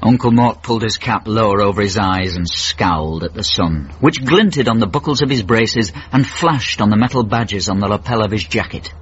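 A man narrating a radio comedy story in a dry, measured way. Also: on the low side, fairly bright tone, husky. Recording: dull old radio broadcast.

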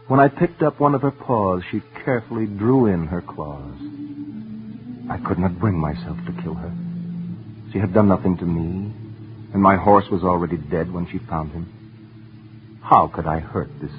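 A man giving earnest, intense first-person dramatic narration for a radio story, sometimes dropping to hushed tones. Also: deep voice. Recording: tinny old radio broadcast with faint music.

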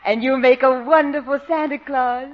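A woman's voice: high voice, steady tone, moderate pace, a little hiss or hum, lightly acted. A woman doing a cooing flirtatious sweetheart. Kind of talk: 1940s radio acting. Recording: muffled old radio recording.

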